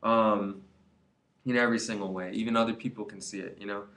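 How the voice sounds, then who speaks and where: A man's voice: lowish voice, steady tone, brisk, a bit bright. A young man telling a rambling story in a casual vlog, full of restarts, with the quoted people acted out. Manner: rambling, repeats words, acts out quoted voices. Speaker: vlogger giving quit-weed advice.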